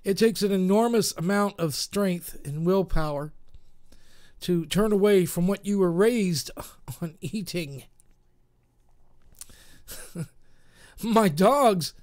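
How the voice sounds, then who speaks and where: High-voiced guy hosting internet radio, rambly and self-mocking, lots of uhs. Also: darkish tone. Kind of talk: casual live radio chat.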